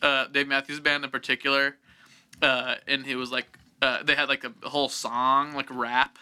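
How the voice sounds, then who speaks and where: A male podcast host with a piercingly bright, tense tone. He talks in loose, goofy tangents. He keeps restarting his sentences and padding them with fillers. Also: mid-range voice, little pitch movement, normal speed, smooth. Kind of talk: casual chat.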